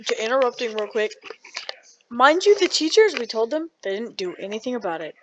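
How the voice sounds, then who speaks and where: A young podcast co-host chatting casually, cutting in with goofy, lively remarks. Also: female voice, fairly high pitch, a little fast, slight background noise. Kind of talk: casual chat. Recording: dull lo-fi sound.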